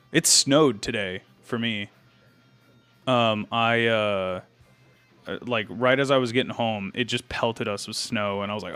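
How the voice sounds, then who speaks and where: A man's voice: lowish voice, fairly bright tone, clean tone, dry recording. A young man chatting casually on a live stream, greeting viewers and thinking aloud as he posts online. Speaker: livestreamer. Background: faint metal music.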